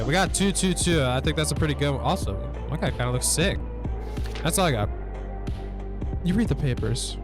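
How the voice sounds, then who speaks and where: A man playing a narrative game, reading its text aloud and reacting with frequent laughter and swearing. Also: medium pitch. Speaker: gameplay streamer. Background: background guitar music.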